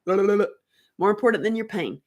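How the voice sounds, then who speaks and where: A woman at a middle pitch teaching from her own workbook in a loose, unscripted way. She talks candidly and emotionally, rambling through fillers and restarts. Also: quick pace, a little mellow. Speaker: workbook author and self-help teacher. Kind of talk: casual unscripted teaching talk.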